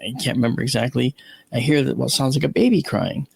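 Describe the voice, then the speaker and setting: A man with a gravelly, creaky edge to his voice, a guest in an interview, spinning casual stories with plenty of restarts and repeated words. He acts out the voices of the people in his tales, and the sound is dry and close with no room echo. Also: mid-range voice, fast. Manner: animated anecdotes, acting out his own and others' lines. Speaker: guest, astronomer and video analyst.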